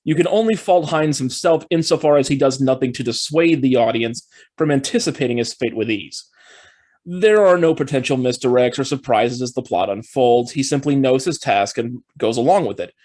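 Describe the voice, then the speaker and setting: A man hosting his own film review channel, talking in an upbeat, steady and explanatory way as he reads through a scripted review. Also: medium pitch, normal speed.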